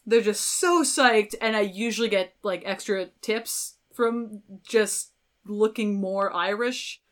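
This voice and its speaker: A woman's voice: mid-range voice, slow. A young woman, a violinist guest on a podcast, telling stories in casual, chatty talk full of filler words. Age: young adult. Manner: chatty, lots of filler words, animated storytelling. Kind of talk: casual interview chat.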